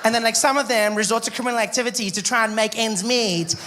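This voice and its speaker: A woman's voice: a little high, fast talker, a bit bright. A woman performing stand-up comedy, building each joke to a punchline. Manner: setting up a joke with a punchline turn.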